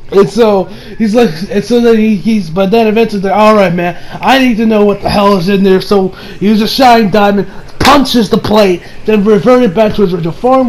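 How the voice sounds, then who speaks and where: A man recapping an anime episode in casual chat, excitable and swearing freely, breaking into laughter again and again. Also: high voice, low-quality recording. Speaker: anime reviewer.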